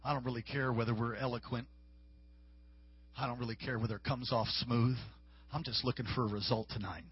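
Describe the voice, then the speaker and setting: A man's voice: mid-range voice, fairly even intonation, fairly quick, slightly rough. A man preaching a live sermon into a stage microphone, emphatic and repetitive. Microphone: stage microphone with monitor. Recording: echoey hall, dull lo-fi sound.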